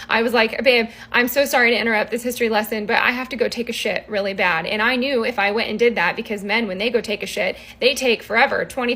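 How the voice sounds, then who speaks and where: A woman's voice: fairly high pitch, bright, forceful tone. A woman in her thirties telling a rambling, exasperated story straight to camera as a vlogger.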